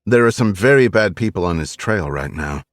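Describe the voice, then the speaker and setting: A man's voice: deep voice, lively intonation, moderate pace, dry recording, clean studio sound. A man voicing a firm, pressing female FBI agent in an audiobook. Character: determined female FBI agent, adult, blunt.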